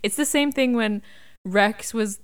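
A young adult woman co-hosting a casual fan podcast, chatty and animated, acting out her own reactions. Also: on the high side, measured pace, clear, resonant tone. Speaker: podcast co-host.

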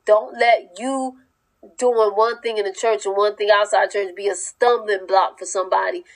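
A woman with a mid-range, steady voice preaches at a moderate pace, her cadence fervent and emphatic. Captured on a low-quality recording, the sermon-style teaching is informal and clips verb endings.

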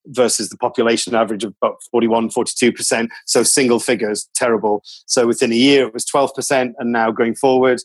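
A man's voice: medium pitch, steady tone, quick pace, few pauses, no echo. A man, a radio company executive, talking in an earnest, reflective way in an interview, often restarting his sentences. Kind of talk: conversational interview.

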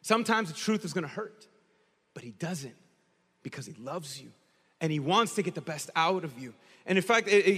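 A bright, high-voiced male pastor preaching with lively storytelling energy and bursts of shouting. His voice rings out with a long hall reverb around it. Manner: animated storytelling, shouts in places. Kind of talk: sermon.

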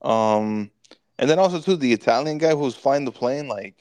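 A man co-hosting a podcast, retelling movie scenes in an animated, profane way and putting on quick voices for the characters. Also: mid-range voice, no room sound. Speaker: podcast co-host. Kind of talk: casual movie review chat.

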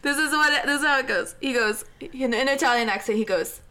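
A woman co-hosting a casual chat, telling rambling stories with quick apologies and laughs. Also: high-pitched, crowd noise.

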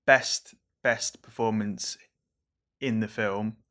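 An English man, a young adult, hosting a casual solo podcast in an excitable, rambling, over-caffeinated way, swearing now and then. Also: lowish voice, slow pace. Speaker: podcast host reviewing films.

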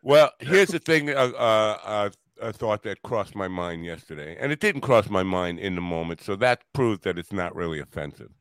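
A man's voice: lowish voice, expressive, normal speed, few pauses, a bit bright, no echo. A man hosting a casual podcast chat, rambling and joking about what people can and cannot say. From Italian-American family. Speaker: podcast host.

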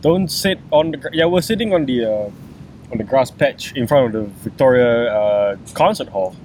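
A man's voice: expressive, normal speed, a little mellow. A man co-hosting a podcast outdoors, joking around with a sarcastic tone and casual swearing. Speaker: podcast co-host. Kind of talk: casual chat. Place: outdoors on a lawn by a city street. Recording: faint traffic rumble outdoors.

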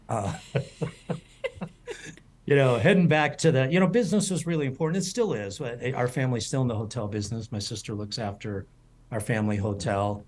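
A man's voice: fairly low pitch, normal speed. Rambling middle-aged man telling stories. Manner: rambling, repeats words, warm storytelling. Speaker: culinary school president, guest. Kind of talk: casual interview chat.

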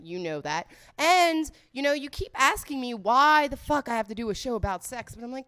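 A woman's voice: fairly high pitch, lively intonation, fairly quick, hardly any pauses, bright, forceful tone, clean tone. A woman hosting a comedy show, rambling through a casual, profane, joking monologue. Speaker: host of a comedy show about sex.

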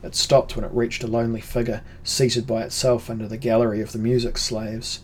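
A man narrating a fantasy audiobook in a measured, unhurried storytelling manner. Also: medium pitch, flat delivery, a little mellow, a little hiss or hum.

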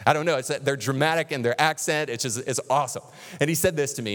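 A man preaching a sermon as pastor, animated and conversational, with touches of humor. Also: mid-range voice, fast, in a large hall.

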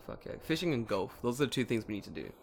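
A young man in his late twenties trading stories on a casual podcast. His voice sits at an ordinary middle pitch and he tells things with lots of energy, swearing freely and breaking into laughter. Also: fast, gravelly, a little hiss or hum. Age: 20s. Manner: animated, swearing, laughing storyteller. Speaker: podcast co-host. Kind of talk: casual chat.

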